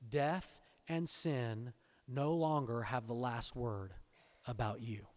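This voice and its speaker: A man preaching a sermon, swinging between hushed, intense lines and loud, exultant emphasis. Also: mid-range voice, fairly even intonation, takes it slowly. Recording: long hall reverb.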